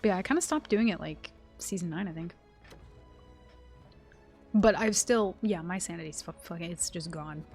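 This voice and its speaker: A woman streamer chatting with her live audience while gaming, excitable and full of swearing. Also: fairly low pitch, moderate pace, pauses often, soft background music. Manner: profane, excitable, talks to chat. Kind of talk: live game stream chat.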